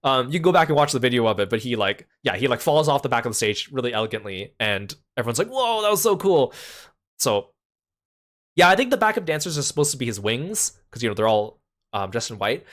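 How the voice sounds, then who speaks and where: A man's voice: medium pitch, big pitch swings, fast talker, fairly bright tone. A man casually recapping a trip in a chatty voice, full of fillers like "like" and "uh".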